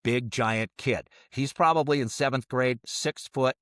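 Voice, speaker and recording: A man's voice: mid-range voice, unhurried, fairly bright tone, dry recording. Middle-aged male co-host, acts out every voice in his story, dry studio read. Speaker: podcast co-host. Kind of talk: casual storytelling.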